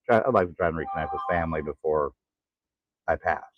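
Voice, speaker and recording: A man in his forties telling his own story in a halting, tired way, pausing to catch his breath. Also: extremely low pitch, a little hiss or hum. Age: 40s. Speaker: vlogger. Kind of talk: casual personal vlog. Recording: tinny phone-like sound.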